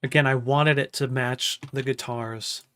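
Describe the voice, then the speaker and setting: Speaking in a bright, forceful mid-range voice with fairly even intonation and a measured pace, a man explains his music project during a laid-back live stream from his home studio. He keeps working, hums riffs aloud, and greets viewers in chat.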